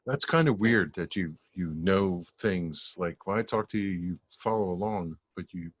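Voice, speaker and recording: A male podcast host chats casually in a lowish voice. He jokes around and laughs easily. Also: normal speed, muffled recording, noisy background. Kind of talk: casual chat.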